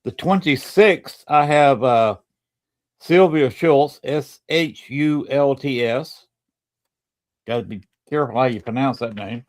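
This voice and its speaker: A man with a mid-range voice hosting a casual podcast. He speaks slowly and hesitantly, with plenty of pauses. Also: mid-range voice. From American South. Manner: relaxed, hesitant, many uh fillers. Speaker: podcast host.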